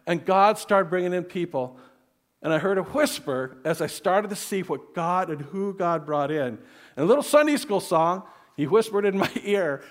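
Man preaching a sermon, slightly high voice. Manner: earnest storytelling, dropping to soft hushed tones. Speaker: pastor.

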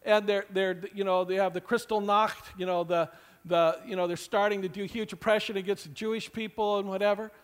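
A man's voice: sits high, fairly even intonation, a little fast, smooth. A middle-aged man preaching a sermon as pastor, earnest and conversational with joking asides.

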